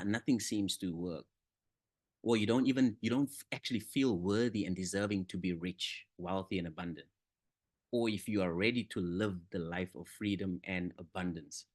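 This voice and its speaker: A man coaching on money mindset, giving an enthusiastic, emphatic sales pitch that repeats its points. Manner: excitable, emphatic, repetitive.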